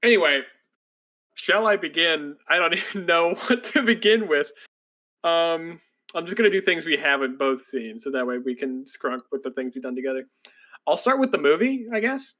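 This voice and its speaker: A man talks casually on a podcast, recapping what he has watched in a loose, meandering way with many fillers and restarts. His voice sits a little high for a man and sounds bright and forward. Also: animated, moderate pace. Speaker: podcast co-host. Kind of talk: casual chat recapping anime.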